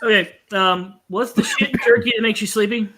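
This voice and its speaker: A man in a casual livestream chat, jokey and quick to riff, swearing freely. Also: sits high, pushed and bright, a little hiss or hum.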